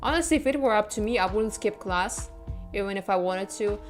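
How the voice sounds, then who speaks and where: A woman at mid pitch chats loosely with her stream while playing a game. She rambles from one thought to the next and breaks into giggles often. Faint music runs underneath. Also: expressive, fairly quick. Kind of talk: casual chat with viewers during a game stream.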